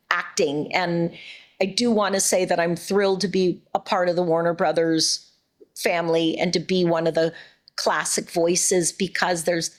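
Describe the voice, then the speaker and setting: A middle-aged woman voice actress chatting as an interview guest, warm and rambling with frequent restarts. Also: fairly low pitch. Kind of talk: casual interview chat.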